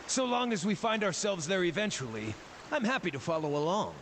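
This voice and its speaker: A man's voice: sits high, sing-song, fairly quick, fairly bright tone, heavily acted. An actor voicing an impish, cheerful small male druid wanderer in a game, playful and well-spoken. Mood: cheeky. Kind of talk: voiced game dialogue.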